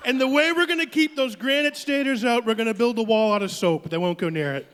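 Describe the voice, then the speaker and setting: A man's voice: very high-pitched, quick pace, a bit bright, pitched above the performer's own voice. A man doing an impression of a boastful, blustering male politician on a comedy stage. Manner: bragging, repetitive catchphrases. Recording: long hall reverb.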